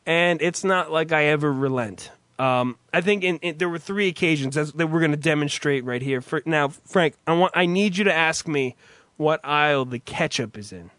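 Profane bright-voiced man in casual chat. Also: a little high, normal speed, dry recording. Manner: profane, rambling.

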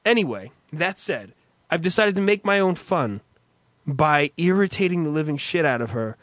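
A man rambles through a loose, comedic chat and swears freely as he tells stories. His voice sits high and sounds bright. The sound is dry and close. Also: animated, moderate pace, dry recording. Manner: profane, rambling.

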